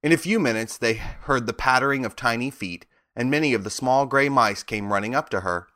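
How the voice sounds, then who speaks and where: A man reading a children's storybook aloud with expressive narration. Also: medium pitch, a little fast. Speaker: reader.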